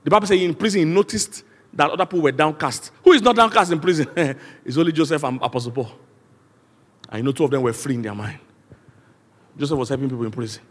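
Nigerian pastor preaching in echoing hall. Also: male voice, fairly high pitch, fast talker. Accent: Nigerian English. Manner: emphatic preaching with call-and-response and repeated refrains. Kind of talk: sermon. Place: large church auditorium. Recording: long church hall reverb.

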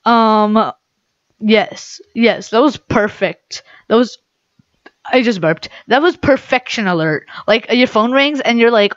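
A woman giving playful gaming commentary as a video host, giggly and excitable, breaking into high squealing outbursts. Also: normal speed, no room sound, lo-fi sound.

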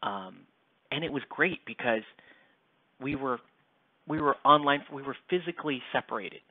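A man's voice: mid-range voice, lively intonation, moderate pace, dry recording. A young man chatting casually while painting, rambling and self-mocking as he reads comments aloud. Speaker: painting streamer. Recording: dry, tinny, phone-like sound.

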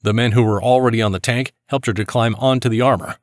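A man reading a war memoir aloud in the first person, in a steady, grave storytelling manner. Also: medium pitch, quick pace, dry recording, clean studio sound. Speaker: narrator reading a soldier's memoir. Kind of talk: scripted first-person narration.

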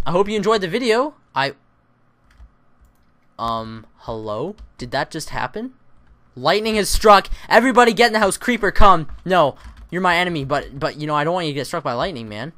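A man hosting a Let's Play, chatting casually and rambling through his gameplay with self-mocking, excitable asides. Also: fairly high pitch, normal speed. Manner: lively, excitable exclamations.

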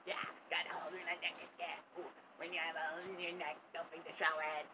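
A man's voice: a little high, little pitch movement, fast, few pauses, noisy background. A man chanting and mock-rapping through a comedic rap parody, repeating his lines over and over.

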